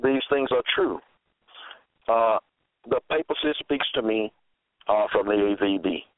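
Man, scripture teacher, slow and deliberate, reads verses aloud, tinny phone-line sound. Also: lowish voice, no echo. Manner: reads out verse after verse and restates them.

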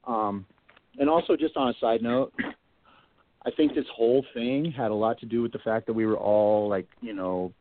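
A man's voice: mid-range voice, steady tone, moderate pace, a little hiss or hum. A middle-aged man telling a long personal story in a casual, rambling way, full of "you know" and "like", as a guest on a radio show. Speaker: Bigfoot researcher guest. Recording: tinny phone line.

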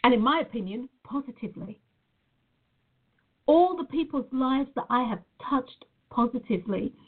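A Nevada reflexologist with a high-pitched, lively voice speaks at normal speed, sharing a personal reflection in a casual spiritual talk. She addresses her viewers as "guys," earnest and reflective, over tinny, phone-like audio.

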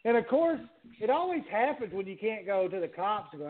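A man's voice: high-pitched, very animated, a little slow, long pauses. A man hosting a podcast in casual, profane chat, rambling and laughing as he swears freely. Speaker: podcast host. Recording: phone-like narrow sound.

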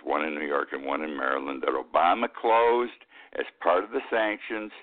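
A man hosting a radio talk show, giving opinionated commentary and jumping up in pitch on the words he stresses. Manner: emphatic, rises sharply on key words. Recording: tinny phone-like radio sound.

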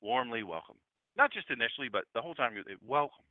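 Expressive and quick, this medium-pitched man in his fifties is a pastor giving a loose, conversational sermon while talking with his congregation in a church room. It's a dry recording with a tinny, phone-like tone.

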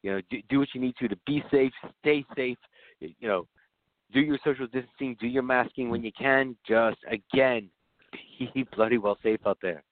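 A man's voice: mid-range voice, normal speed, no echo. Laughing man in a fake English accent. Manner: laughs often, swears, plays a put-on English accent. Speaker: podcast co-host. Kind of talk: casual chat. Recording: dry, tinny phone-like line.

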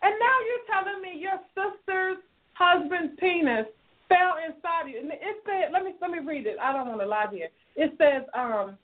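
A woman hosting an advice talk show, reading a listener's email and scolding the writer in an emphatic, sermon-like way. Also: high voice. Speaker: relationship talk show host. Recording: tinny phone-like sound.

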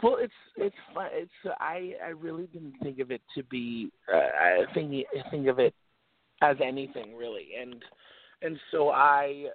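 A young adult man, a singer, chatting as a guest in a casual interview, halting with many restarts. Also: medium pitch, sing-song. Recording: tinny phone-like line.

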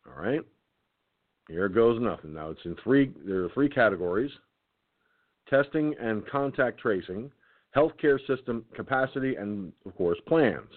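A man's voice: medium pitch, lively intonation. Tired man reading on a tinny line. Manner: reads haltingly, stumbles and restarts words. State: tired, keeps yawning. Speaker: internet radio host. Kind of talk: reading a document aloud with commentary.

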